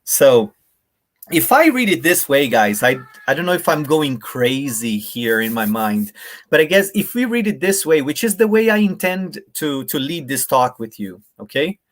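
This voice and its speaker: A man's voice: on the high side, sing-song, normal speed. A man giving a live online workshop, addressing viewers directly in a friendly way and demonstrating intonations aloud. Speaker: workshop presenter. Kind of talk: live online teaching talk.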